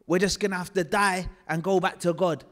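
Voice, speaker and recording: A man putting on a poor, worn-out mother who pleads and sighs through hard times, her voice fairly high. The words ring out with a long tail of reverb from a large hall. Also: steady tone, brisk, fairly bright tone. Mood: despairing. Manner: pleading, tired.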